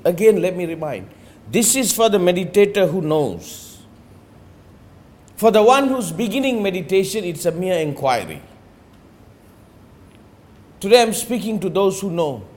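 High, lively-voiced man giving a spiritual talk. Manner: emphatic, rhetorical, repeats "you understand?"; slows on key phrases, drops to near-murmur. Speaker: meditation teacher.

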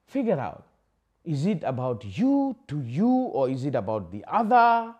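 A man giving a public spiritual talk, asking rhetorical questions and swinging from loud declarations to hushed asides. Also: on the high side, wildly swooping pitch, measured pace, breathy edge. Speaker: spiritual teacher.

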